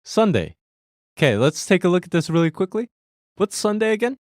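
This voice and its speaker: A man's voice: high voice, big pitch swings, brisk, no room sound, studio quality. A man hosting a language lesson, explaining Korean phrases to learners step by step in a friendly way that breaks into easy laughter.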